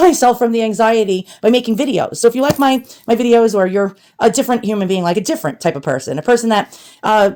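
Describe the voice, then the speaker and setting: A woman's voice: on the high side, a little mellow. A middle-aged woman with a New York accent, chatting and rambling as she unboxes antiques for her vlog. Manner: chatty, rambling, thinking aloud. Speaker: antiques vlogger.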